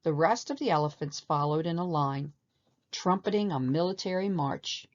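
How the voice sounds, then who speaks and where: A woman narrating a storybook aloud in an expressive, animated way, on a slightly muffled recording. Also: sits low, normal speed.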